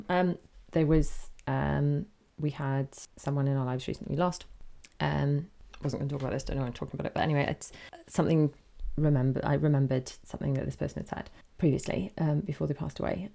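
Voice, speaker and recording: Low-voiced chatty woman. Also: darkish tone. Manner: chatty and candid, wanders off on tangents. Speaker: podcast host. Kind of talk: casual solo podcast talk.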